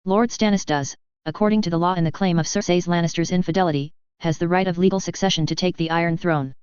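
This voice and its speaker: A woman's voice: lowish voice, fairly even intonation, fast talker, a little mellow, smooth, no echo, highs cut off, natural voice. A woman voicing an earnest young woman advisor in a fan fiction reading, reasoning and pleading.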